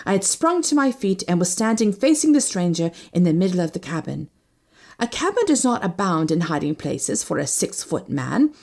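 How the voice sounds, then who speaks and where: A woman's voice: moderate pace, creaky. A woman narrating a first-person novel as an audiobook, reading expressively. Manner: expressive, shifting pitch with each character.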